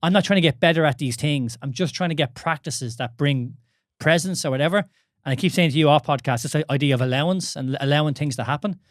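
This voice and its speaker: Fast-talking Irish man, candid and sweary. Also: a little high, no echo, studio quality. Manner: candid, swears often, many restarts. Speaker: podcast co-host. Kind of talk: casual podcast chat.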